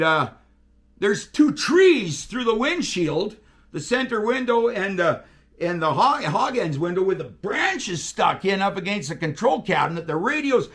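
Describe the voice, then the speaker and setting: A man telling railroad stories in casual chat, animated and profane, acting out radio calls. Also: sits high, vocal fry. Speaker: guest, railroader.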